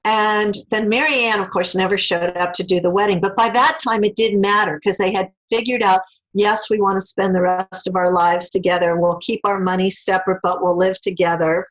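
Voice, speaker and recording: A woman's voice: medium pitch, normal speed, poor audio. A woman, an interview guest, telling a personal story in a casual way and acting out the lines of the people in it. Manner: animated, acts out quoted dialogue.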